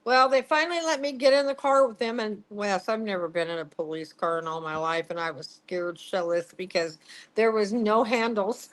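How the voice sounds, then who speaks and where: Higher-voiced woman telling a wild story. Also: moderate pace, a bit bright, poor audio. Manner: swearing, laughing, acting out quotes. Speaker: psychic medium guest. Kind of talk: animated storytelling in an interview.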